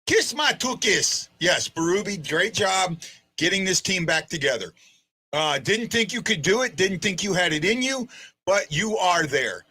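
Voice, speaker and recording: A man hosting a live fan stream, commenting in an excitable, chatty way with frequent restarts. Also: high-pitched, unhurried, breathy edge. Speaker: fan show host.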